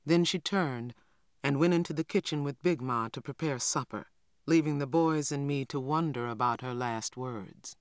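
A man reading a children's novel aloud in steady scripted narration. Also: mid-range voice, moderate pace, smooth, no room sound, clean studio sound. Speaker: audiobook narrator.

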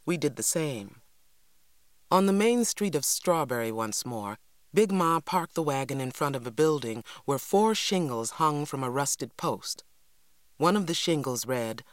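A woman reading a story aloud in first person, measured and unhurried. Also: rumbling low, no room sound, clean studio sound. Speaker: audiobook narrator. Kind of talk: scripted first-person narration.

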